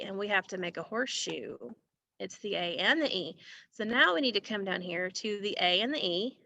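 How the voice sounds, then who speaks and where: A teacher leads a recorded phonics lesson in a bright, lively voice. She slows right down to sound out each vowel for her students. The dry, slightly muffled audio points to a computer microphone. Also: medium pitch, vocal fry, dry recording. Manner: slow, drawn-out modeling of vowel sounds, addressing students directly.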